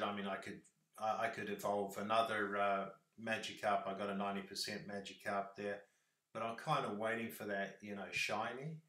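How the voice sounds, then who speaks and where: A man's voice: fairly low pitch, fairly even intonation, moderate pace, pushed and bright, echoey room. A man with a New Zealand accent chatting casually on a livestream, rambling with lots of fillers.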